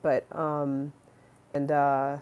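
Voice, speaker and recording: A woman's voice: low-pitched, completely flat delivery, drawn-out words, lo-fi sound. A young woman hosting a casual livestream, chatting to her viewers in a rambling, affectionate way with many fillers and restarts. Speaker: livestream host.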